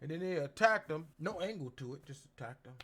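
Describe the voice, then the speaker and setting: High-voiced man with a slangy, animated recap. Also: fairly quick. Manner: slangy, animated, acts out quotes in exaggerated voices. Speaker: wrestling show reviewer. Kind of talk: casual recap commentary.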